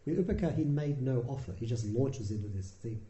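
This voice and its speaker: A man giving a Buddhist dharma talk, telling the story in a relaxed, conversational way with dry humour. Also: medium pitch, a little fast. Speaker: dharma teacher. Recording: roomy echo.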